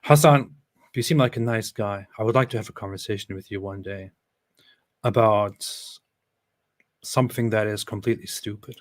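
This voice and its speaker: A man's voice: on the low side, normal speed, no echo. Sarcastic male streamer mocking a clip. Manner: sarcastic, mocking, swings between loud and muttered asides. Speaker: streamer reacting to videos. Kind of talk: live reaction commentary.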